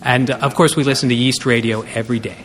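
A man's voice: mid-range voice, steady tone, fast, a bit bright, slight background noise. A man guesting on a podcast in casual chat, riffing absurd jokes with stammering restarts. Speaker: podcast guest, co-host of his own show.

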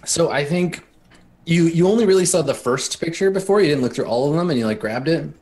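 A man's voice: fairly high pitch, expressive, fairly quick, a little mellow. A man narrating as game master in a tabletop game, talking casually with lots of fillers. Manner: casual, full of fillers, laughs often.

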